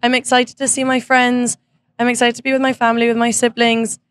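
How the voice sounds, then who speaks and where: A woman from London with a British accent, a relaxed guest who laughs easily and keeps her answers vague in a casual radio interview backstage. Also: on the high side, fairly quick. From London, England. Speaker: celebrity guest.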